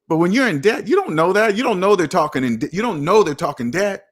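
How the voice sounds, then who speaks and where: A man hosting a personal finance show, reading viewer comments and reacting in an emphatic, preachy way, with sudden excited whoops. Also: high-pitched, fast.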